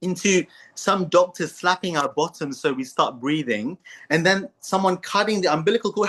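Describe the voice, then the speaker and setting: Man, podcast host, playful, philosophical chat, fairly high voice. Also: expressive, moderate pace, fairly bright tone. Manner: playful, acts out little voices in stories.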